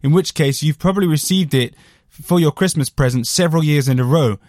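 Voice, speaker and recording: A man's voice: on the high side, brisk, a little mellow, no room sound, clean studio sound. A British man hosting a casual music monologue, rambling and self-deprecating with lots of fillers. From Britain. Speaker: podcast host reviewing albums.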